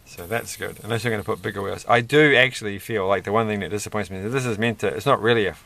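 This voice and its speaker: A man's voice: on the low side, quick pace, creaky, fairly bright tone. A man hosting a casual toy-building video, rambling and chatty with self-deprecating asides. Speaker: host.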